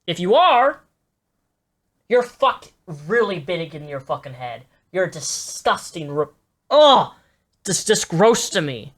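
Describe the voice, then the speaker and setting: A woman's voice: lowish voice, sing-song, measured pace. A woman giving live reaction commentary, blunt and profane, stammering and repeating herself as she gets worked up.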